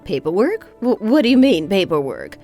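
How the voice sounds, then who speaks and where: A woman's voice: mid-range voice, sing-song, normal speed, dark tone, faint music behind, voice pushed down. A woman voicing an indignant older mother-in-law. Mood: shocked. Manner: stammering, defensive, exasperated. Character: indignant older mother-in-law, proud, quick to take offense.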